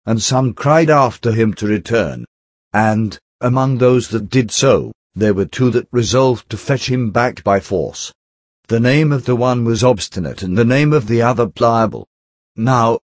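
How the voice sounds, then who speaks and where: A man reading an old-fashioned allegory aloud as narrator, in a measured manner and close on a dry recording. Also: fairly low pitch, no echo. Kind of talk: scripted narration.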